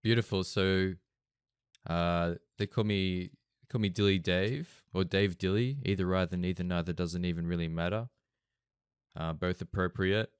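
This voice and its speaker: A man's voice: low voice, fairly even intonation, normal speed, clear, resonant tone, no echo, studio quality. A man, hosting a casual podcast chat with joking, laid-back banter. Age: late 20s. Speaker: podcast host.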